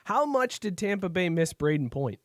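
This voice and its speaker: Higher-voiced laughing podcast co-host man. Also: big pitch swings, moderate pace, no room sound, clean studio sound. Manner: laughs often, leads segments. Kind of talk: casual sports chat.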